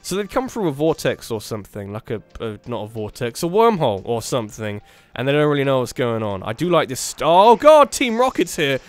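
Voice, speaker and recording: A man's voice: medium pitch, animated, quick pace, soft background music. A man hosting a let's play video, giving casual game commentary in a rambling way, full of restarts and joking asides.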